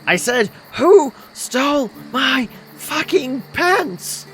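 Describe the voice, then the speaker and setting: A man putting on the voice of a hot-tempered young village woman, shrill and indignant. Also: big pitch swings, drawn-out words, pushed and bright, faint music behind, exaggerated voice.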